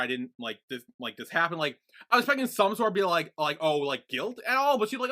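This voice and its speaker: A young man co-hosting a podcast in casual chat, halting and teasing, often repeating words. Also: high voice, sing-song, sharp tone. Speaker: podcast co-host.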